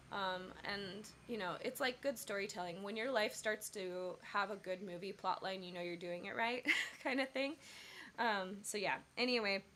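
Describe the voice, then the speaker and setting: A woman's voice: medium pitch, a bit bright, slight background noise. A woman singer telling a rambling story on her casual livestream, with many fillers and self-corrections. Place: Bali.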